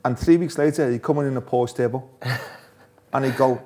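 A man's voice: mid-range voice, sing-song, normal speed, darkish tone. A man, a former footballer, telling stories in a casual interview, laughing often. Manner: chatty, laughs often, restarts phrases.

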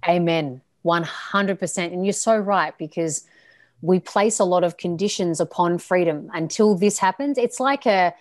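An animated Australian woman, a coach, chatting casually on a podcast. She laughs easily and swears freely, and her voice comes across dry and close with no room sound. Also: lowish voice, normal speed, no room sound.

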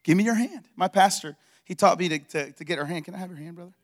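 A man's voice: a little high, steady tone, fast talker. A man preaching a sermon in a church as pastor, telling stories with energy and acting out the dialogue.

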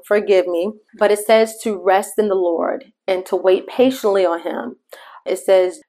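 Woman podcast host, middle-aged, mid pitch, conversational devotional storyteller who talks straight to her listeners. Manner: shifts pace between slow emphasis and quick asides.

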